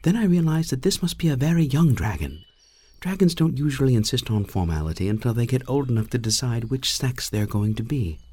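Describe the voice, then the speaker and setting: A man narrating a fantasy audiobook in the first person, with a wry, lively storytelling manner. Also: medium pitch, brisk, no room sound.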